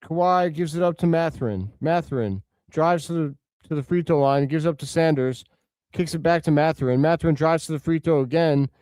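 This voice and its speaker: A man hosting a live watch-along stream, giving casual play-by-play and answering viewers' comments, with excitable outbursts over big plays. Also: a little high, fairly quick, dry recording.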